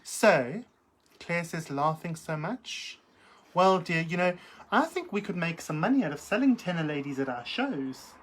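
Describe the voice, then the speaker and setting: A woman's voice: lowish voice, expressive, a little slow, breathy edge. A middle-aged woman hosting a live chat, reading out viewer comments in a camp, theatrical, giggly manner. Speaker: livestream host.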